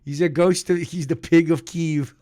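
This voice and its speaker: A man reacting casually on a live stream, crude and loose, laughing as he goes. His voice sits slightly high. The sound is dry, with no room echo. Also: expressive, takes it slowly, a bit bright.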